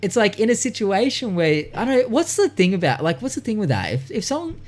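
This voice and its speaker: Lively, animated man swearing freely. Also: high-pitched, brisk. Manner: animated, swears freely, acts out tough-guy voices. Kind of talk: casual podcast chat. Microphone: studio podcast mic.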